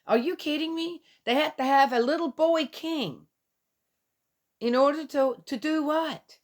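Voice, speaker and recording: A woman's voice: high-pitched, a little slow. A woman reading a Bible passage aloud and commenting on it in a casual, skeptical way, asking many rhetorical questions.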